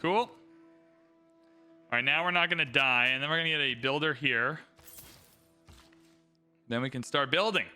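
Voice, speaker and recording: A man's voice: mid-range voice, unhurried, long pauses, sharp tone, clear, resonant tone, faint music behind. A man giving casual, upbeat livestream commentary while playing a strategy game, thinking aloud and chatting to his viewers.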